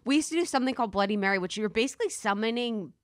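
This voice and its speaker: A woman's voice: on the high side, expressive, racing, no echo, studio quality. A young woman from Ohio hosting a podcast, chatting casually and animatedly, swearing and laughing often. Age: young adult. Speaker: podcast host. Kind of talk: casual chat.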